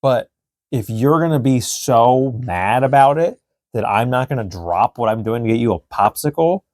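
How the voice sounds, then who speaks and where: A man's voice: medium pitch, lively intonation, moderate pace, a little mellow, no room sound, studio quality. Exasperated man venting in casual chat. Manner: exasperated, venting, acts out quotes of his child. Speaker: podcast co-host.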